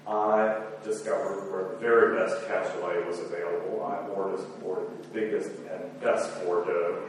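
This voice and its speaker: A man's voice: deep voice, level tone, normal speed, a little hiss or hum. A man moderating a conference, giving formal remarks with dry self-deprecating humor. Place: lecture hall. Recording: roomy hall from far off.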